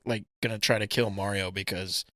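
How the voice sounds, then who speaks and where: A young man co-hosting a podcast, chatting casually and profanely, retelling scenes with animated energy. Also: lowish voice, a little fast, dry recording, studio quality. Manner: animated, profane, acts out movie scenes in funny voices. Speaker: podcast co-host. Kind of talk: casual chat.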